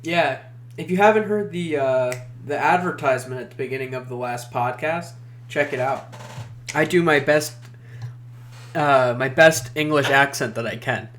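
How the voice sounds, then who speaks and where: A man's voice: medium pitch, moderate pace, a bit bright, a little hiss or hum. A man hosting a casual podcast chat, easygoing and joking, often restarting his sentences. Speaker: podcast host.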